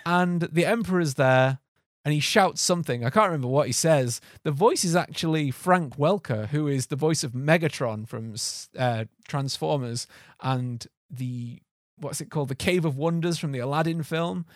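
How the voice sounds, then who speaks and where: A man's voice: a little high, moderate pace, dry recording, studio quality. A man hosting a casual podcast, talking animatedly about a film and laughing often. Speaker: podcast host.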